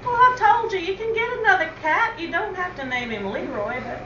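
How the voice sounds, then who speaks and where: A woman's voice: very high voice, expressive, fairly quick, noisy background. A woman playing an opinionated, forgetful old woman who knits, scolding and stammering through gossipy chat in a comedy sketch. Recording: roomy, distant, dull home-video recording.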